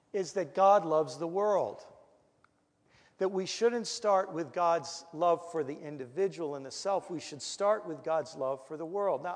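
A middle-aged man, a pastor, giving a lecture full of comic stories, animated and full of restarts. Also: sits high. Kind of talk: humorous storytelling lecture. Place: lecture hall. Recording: reverberant hall.

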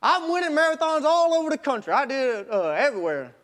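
A young man, a marathon runner, telling a personal story in an animated, folksy way with casual grammar. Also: very high voice, quick pace. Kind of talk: storytelling talk.

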